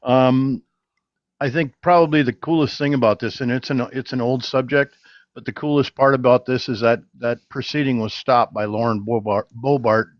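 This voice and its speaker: Male panelist, relaxed musing delivery, dry and muffled remote line. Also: medium pitch, moderate pace, no room sound. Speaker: panelist on a live show. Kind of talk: casual political chat.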